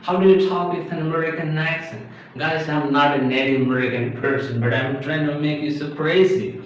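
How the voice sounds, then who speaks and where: A man with an Indian accent giving an animated English lesson, exclamatory and playacting confused learners. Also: on the high side, fairly quick. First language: Indian language. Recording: echoey, distant, dull lo-fi with faint hiss.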